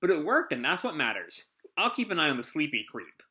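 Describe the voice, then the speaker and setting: A man's voice: fairly high pitch, huge pitch swings, fairly quick, bright, forceful tone, heavily acted. A man reading a confident hedgehog girl. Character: determined young female hedgehog heroine.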